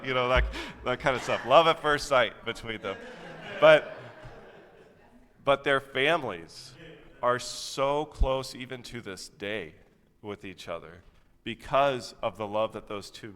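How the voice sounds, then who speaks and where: With a fairly low, bright and forceful voice, a man in his thirties preaches in a church sanctuary. His delivery is conversational and full of fillers and asides, and the recording carries long hall reverb.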